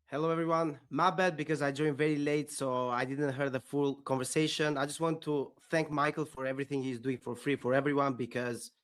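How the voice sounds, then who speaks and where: A man's voice: medium pitch, fairly even intonation, brisk, few pauses. Man, caller, apologetic, grateful, online audio chat.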